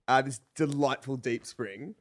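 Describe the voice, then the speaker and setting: A man's voice: medium pitch, a little slow. A man co-hosting a casual comedy podcast, playful and self-deprecating, tossing in mock voices. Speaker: podcast co-host.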